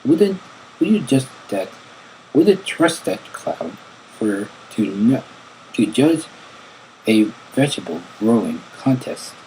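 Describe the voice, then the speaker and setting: A man voicing a surly, boastful male cartoon rock bassist stuck in prison, reading his lines from an interview aloud in a blunt, grumbling way. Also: lively intonation, slow pace, pauses often, darkish tone, a little hiss or hum, rough recording.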